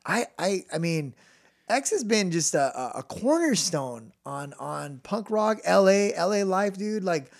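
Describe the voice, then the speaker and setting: A man co-hosting a relaxed podcast, his voice sitting a bit high for a man. He jokes around, laughs at his own punchlines and calls his friend "dude" again and again. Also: unhurried, vocal fry. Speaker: podcast co-host. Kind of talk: casual podcast banter and joke telling.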